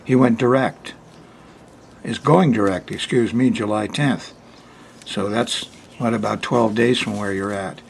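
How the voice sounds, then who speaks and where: An older man hosts a weekly sky report as an astrologer, giving a casual spoken forecast in a chatty, folksy way and laughing often between points. His voice sits fairly low and moves a little slowly, with vocal fry and a bit of hiss or hum in the background.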